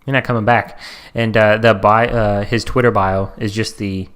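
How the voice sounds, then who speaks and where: A man's voice: on the low side, level tone, moderate pace, a bit bright. A young man co-hosting a casual podcast, sarcastically reading tweets aloud and joking with his co-host. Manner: sarcastic, reads tweets aloud in mocking tones.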